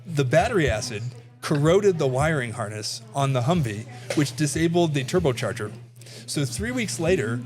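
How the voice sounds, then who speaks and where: A man in his forties, a political candidate, telling stories in a laughing, animated way, recorded in a brewery taproom. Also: a little high. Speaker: congressional candidate and guest. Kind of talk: storytelling in casual chat.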